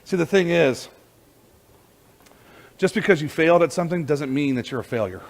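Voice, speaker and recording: Animated male pastor, slightly higher voice. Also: moderate pace, vocal fry. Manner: animated storytelling with many restarts and repeated words. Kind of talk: sermon.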